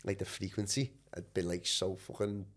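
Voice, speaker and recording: A man's voice: sits low, flat delivery, moderate pace, fairly bright tone. A man talking as a guest on a podcast about his coaching work, rambling loosely with plenty of fillers and swearing. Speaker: guest, mind and body coach. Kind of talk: casual podcast chat.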